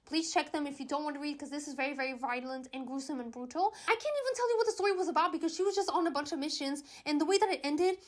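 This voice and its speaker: Fast-talking, high-voiced woman reviewing books. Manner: chatty, emphatic, repeats herself. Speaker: book reviewer. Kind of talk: casual book review vlog.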